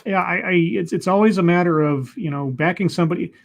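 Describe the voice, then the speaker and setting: A man hosting a casual conversation, speaking in a reflective, measured way. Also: high-pitched, gravelly. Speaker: host.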